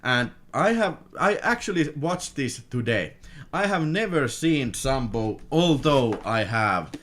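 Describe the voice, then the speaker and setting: A man's voice: mid-range voice, animated, slow, a bit bright. A man with a Finnish accent and Finnish as his first language, chatting casually through a film unboxing, laughing often and repeating words. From Finland. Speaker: film collector vlogger.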